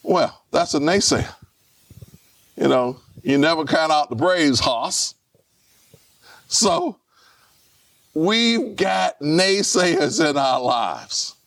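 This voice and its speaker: A man's voice: fairly high pitch, lively intonation, drawn-out words, gravelly, long pauses, a bit bright, no echo, far from the mic. A man, preaching a live sermon as pastor in a church, who repeats his points and puts rhetorical questions to the congregation.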